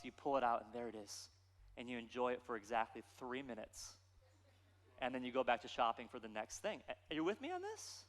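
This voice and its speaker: A man, a pastor preaching a sermon with animated, playful storytelling. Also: mid-range voice, brisk, in a large hall.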